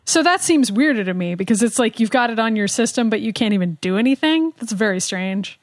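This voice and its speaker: Animated woman, dry close sound. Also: a little high, brisk, dry recording. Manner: animated and exasperated, laughs often. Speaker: podcast co-host. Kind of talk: casual chat.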